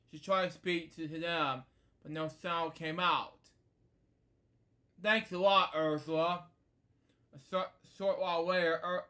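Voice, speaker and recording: A man's voice: fairly high pitch, sharp tone. Rambling man reading a bedtime story. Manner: rambling asides, many fillers like "anyway" and "so there you go". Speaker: storybook reader and host. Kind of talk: casual storybook read-aloud with commentary.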